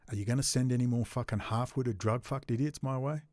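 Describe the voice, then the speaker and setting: A man's voice: medium pitch, fairly quick, a little mellow, no echo. A man in an unscripted, angry, profane rant to camera. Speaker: video blogger.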